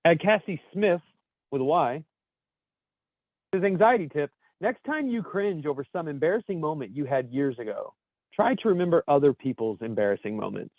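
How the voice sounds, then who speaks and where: A man's voice: on the high side, lively intonation, moderate pace, no echo. A man co-hosting a casual podcast, reading memes aloud with dry, joking asides. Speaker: podcast co-host. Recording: thin phone-like podcast audio.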